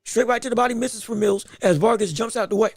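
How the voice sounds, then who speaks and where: A man hosting a live podcast, giving rapid round-by-round boxing commentary with excited outbursts. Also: high voice, dry recording. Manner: rapid play-by-play, excited outbursts, talks to the chat. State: hiccups.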